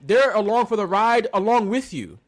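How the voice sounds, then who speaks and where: A man co-hosting a podcast, recapping in casual chat with animated storytelling and mocking quotes. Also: high-pitched, normal speed, crowd noise. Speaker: podcast co-host.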